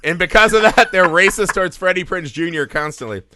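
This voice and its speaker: Bright, animated male podcast co-host. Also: high voice, brisk, no room sound. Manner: animated, profane, laughing, slips into mocking voices. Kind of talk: casual film review chat.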